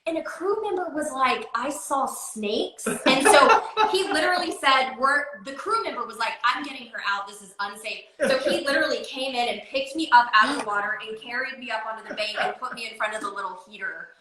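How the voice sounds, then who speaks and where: A woman's voice: sits high, brisk, few pauses, crowd noise. A woman, a guest on a talk show, telling a story in casual chat and downplaying her own part. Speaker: guest influencer. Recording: echoey room.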